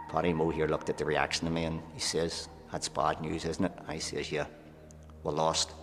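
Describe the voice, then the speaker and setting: A man's voice: extremely low pitch, gravelly. A man, a former prisoner, earnestly recounting his memories in an interview, often adding "here" and "right?". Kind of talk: recollection in interview. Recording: long hall reverb, faint music.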